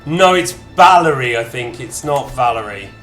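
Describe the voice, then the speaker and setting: A man gives offhand commentary while streaming a strategy game, tossing out clipped one-word reactions as he clicks through menus. His voice sits at an average pitch, with faint music underneath. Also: lively intonation, normal speed, a bit bright. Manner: chatty, reacting to chat and menus in short bursts. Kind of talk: casual gameplay commentary.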